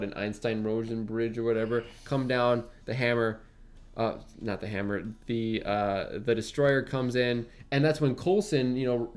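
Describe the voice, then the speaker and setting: A man casually recapping a movie plot on a podcast, acting out quotes and laughing often. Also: medium pitch. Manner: animated retelling, laughs often, acts out quotes. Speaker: podcast co-host.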